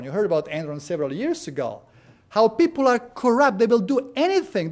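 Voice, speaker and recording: Man, high-pitched voice, sermon, storytelling, fillers. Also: darkish tone. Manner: storytelling, frequent "uh" and "you know". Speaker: preacher. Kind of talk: sermon with anecdotes.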